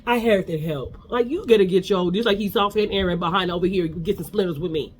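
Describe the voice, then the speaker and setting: Man, high voice, rapid gossipy recap delivery, animated. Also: slight background noise. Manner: animated, gossipy, acts out quotes. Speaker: recap host. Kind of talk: casual reality TV recap.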